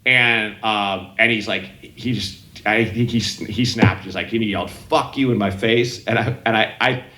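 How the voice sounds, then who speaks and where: A man's voice: on the low side, steady tone, moderate pace, sharp tone, echoey room, low-quality recording. A man, a comedian guest, telling rambling anecdotes on a casual podcast and often acting out the people in them. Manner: rambling, self-interrupting anecdotes with quoted voices.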